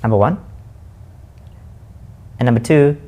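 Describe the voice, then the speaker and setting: A man hosting a reflective spoken monologue, slowly musing and asking himself questions aloud. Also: medium pitch, dark tone. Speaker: host.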